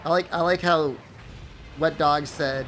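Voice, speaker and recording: While streaming a game, a sleepy, tired man rambles loosely, full of "like" and "I mean." His slightly high voice is steady and fairly bright at a measured pace, with slight background noise.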